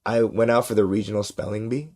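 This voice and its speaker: A stand-up comedian with a fairly low voice tells an animated story in a relaxed podcast chat. He checks in often with his listener as he goes. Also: fast. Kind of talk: casual interview storytelling.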